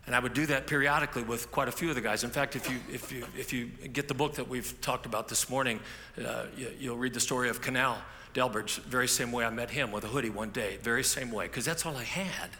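A man delivers a sermon as a pastor, storytelling conversationally with repeated restarts, his mid-range voice pushed and bright, fairly even in intonation and quick. The echoey hall has faint ambience and a little hiss or hum.

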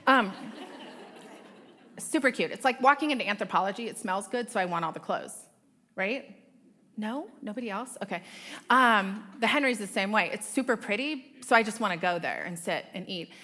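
A woman's voice: mid-range voice, animated, normal speed, pushed and bright. A middle-aged woman giving a conversational Bible teaching talk to a women's group, with self-deprecating asides to her audience. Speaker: women's ministry speaker.

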